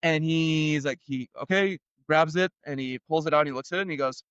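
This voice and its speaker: A young Canadian man telling a story casually as an interview guest, animated and acting out the voices of the people in it. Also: fairly high pitch, fairly quick, hardly any pauses, clear, resonant tone, dry recording, highs cut off. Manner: animated, acts out others' voices in quotes.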